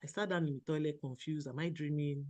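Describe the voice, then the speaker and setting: A woman from Nigeria, a doctor in her thirties, telling a personal story as a podcast guest, animated, often laughing and quoting herself. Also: low-pitched, quick pace. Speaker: guest, general practitioner.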